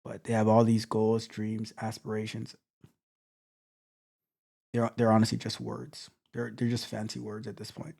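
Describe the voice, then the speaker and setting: Gravelly yet mellow, his lowish voice stays monotone at a normal speed as the tech coach bluntly motivates viewers. Stammering restarts are constant, and he repeats himself a lot.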